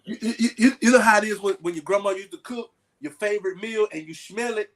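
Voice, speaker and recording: A man talking casually to a group, telling lively stories with folksy asides. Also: high-pitched, brisk. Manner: animated storytelling with folksy asides.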